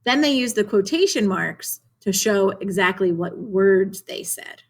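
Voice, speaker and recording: Woman teacher, young adult, clear encouraging delivery, online lesson for kids. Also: mid-range voice, lively intonation, a little slow. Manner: clear, encouraging classroom delivery with questions to students. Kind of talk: remote video lesson for children.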